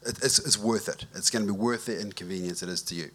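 A man, a pastor giving a conversational sermon that tells a relaxed story and asks the congregation for a show of hands. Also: lowish voice, fast talker, slightly rough.

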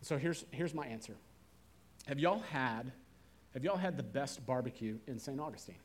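A male preacher delivers a sermon in a relaxed, conversational voice of middling pitch. He slows down and drops to a softer voice to stress key words.

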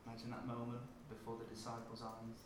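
A man preaching a sermon, dropping to a hush and rising to loud emphasis as he tells the story. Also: mid-range voice, completely flat delivery, quick pace, reverberant, noisy background. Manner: dramatic shifts from hushed to loud when acting out scenes.

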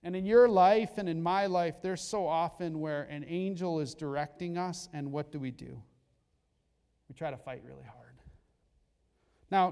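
A male pastor preaches with animated storytelling and playful asides. His voice sits fairly high for a man, and it echoes through a church hall with a long reverb tail. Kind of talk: sermon.

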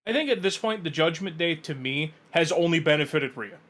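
Bright-voiced chatty man co-hosting. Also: fairly high pitch, expressive, a little fast. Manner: chatty, lots of likes and you knows. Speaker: podcast co-host. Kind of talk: casual chat.

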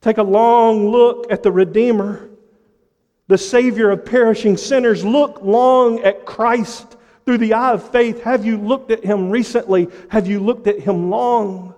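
Male pastor, high tenor, impassioned sermon delivery, long church reverb. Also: steady tone, dull audio. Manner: impassioned preaching with dramatic pauses and sudden drops to a hush.

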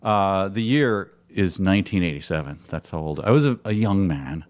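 A man's voice: low-pitched, moderate pace, no room sound. A man in his fifties from Minnesota telling a long, rambling story in casual chat, laughing often at himself. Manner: rambling, self-amused storytelling with frequent laughs. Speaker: storyteller guest.

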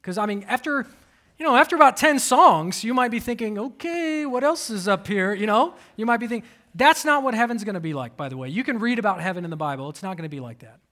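A man in his thirties preaching a sermon, telling personal stories with animated swings and sudden soft asides. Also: high voice, quick pace. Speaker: pastor.

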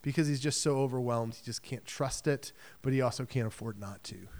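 A man preaching a sermon in a conversational, animated way, acting out the story in quick quoted voices. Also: medium pitch. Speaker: pastor.

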